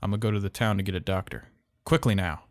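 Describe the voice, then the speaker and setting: A man voicing a violent rural father with a Southern accent, speaking in a slow, threatening drawl. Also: low voice, no echo, studio quality, lightly acted. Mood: falsely caring. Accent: American Southern. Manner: slow, calm, threatening drawl that breaks into shouting. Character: menacing, violent rural father, quietly furious.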